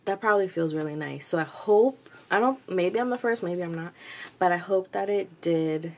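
A young adult woman vlogging casually, retelling a story in a chatty, animated way with lots of quoted dialogue and swearing. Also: fairly low pitch, normal speed.

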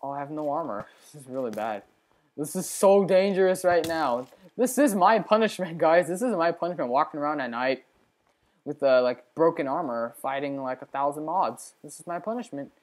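A woman hosting a gaming channel, giving chatty let's play commentary straight to her viewers, with sudden excitable outbursts. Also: low-pitched, normal speed.

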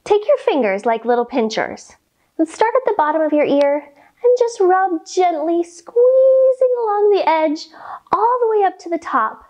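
A woman's voice: very high voice, sing-song, normal speed, a little mellow. A young woman leading a guided yoga storytime for children, cheerful and encouraging as she talks young kids through each pose. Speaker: kids' yoga teacher.

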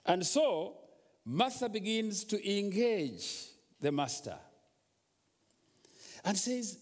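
A man's voice: high-pitched, very animated, slow, pauses often. A man preaching a sermon as a guest, telling a story and then urging the congregation to speak to their troubles. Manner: storytelling, rising to exhortation. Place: large church hall. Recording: long church hall reverb.

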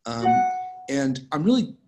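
Man giving a measured poetry reading. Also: mid-range voice, very animated, over loud music, low-quality recording. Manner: measured, unhurried reading with pauses. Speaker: poet reading his work. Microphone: video call.

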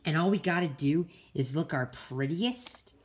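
A woman voicing a prissy, dramatic female engine with a high, theatrical voice, in a fan drama. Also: lively intonation, measured pace, breathy edge, full character voice. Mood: excited. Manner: fussy and self-admiring. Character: prissy, dramatic female engine who calls everyone darling. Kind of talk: amateur fan drama voice acting.

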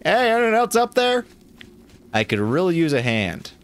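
A man streaming a fantasy game, commenting casually in a goofy, excitable, playful way. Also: sits high, normal speed, clean tone. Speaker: gaming streamer. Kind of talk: casual let's-play commentary.

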